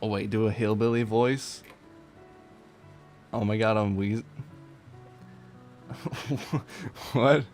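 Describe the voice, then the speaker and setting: A low-voiced man chats casually and jokingly on a live stream, laughing often and answering his chat. Faint game music plays behind him. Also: steady tone, extremely slow, pauses often, a little mellow. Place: warm room at home.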